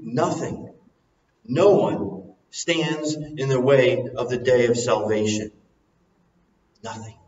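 A man preaching a sermon, dropping soft and low, then rising loud and emphatic. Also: a little hiss or hum. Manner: swings from soft and low to loud and soaring, sings a hymn line. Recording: echoey hall, recorded from a distance, muffled.

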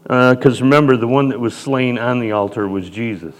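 A man preaching through a Bible passage, fervent, dropping into short prayers and swinging between loud emphasis and quiet. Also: mid-range voice, a little fast, few pauses, big-room sound. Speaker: pastor. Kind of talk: Bible-teaching sermon.

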